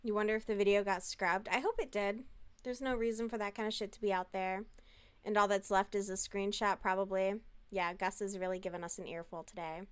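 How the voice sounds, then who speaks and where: A woman's voice: mid-range voice, fairly even intonation, brisk, clear, resonant tone. A woman talking in a casual, chatty way on a live stream, answering chat messages and swearing freely.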